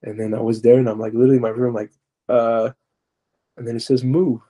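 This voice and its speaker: A young man telling his personal testimony as a podcast guest, halting and restarting as he searches for words. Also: medium pitch, flat delivery, warm tone.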